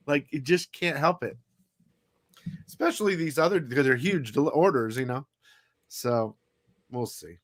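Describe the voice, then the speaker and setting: A man's voice: mid-range voice, expressive, moderate pace, dry recording. A man hosting a comic haul live stream, chatting casually in a rambling, profane way. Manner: rambling, profane, loose storytelling. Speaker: comic haul show host.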